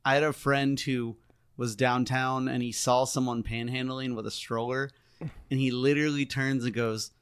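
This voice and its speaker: A man co-hosting a podcast, telling stories in casual chat with animated quoted voices and some swearing. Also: mid-range voice, normal speed, clean tone. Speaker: podcast co-host.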